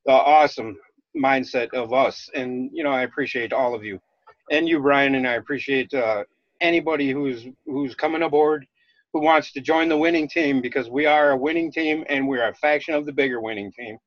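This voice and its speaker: A man with a Minnesota accent rambles through a casual podcast chat, stopping and restarting his sentences as he goes. His voice sits at a middle pitch. The sound is dull, lo-fi and dry. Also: moderate pace, no room sound.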